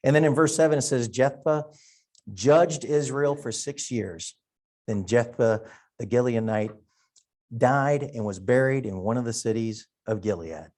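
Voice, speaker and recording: This middle-aged man from Wisconsin teaches a Sunday Bible class at a slightly slow pace, his medium-pitched voice darkish in tone. His manner is folksy and conversational, as though he's reasoning aloud.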